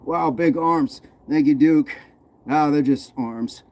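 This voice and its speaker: An American fitness streamer, easygoing in manner, answers chat questions while exercising, picking up comments between sets. He speaks slowly in a somewhat high, slightly mellow voice, with a little background noise.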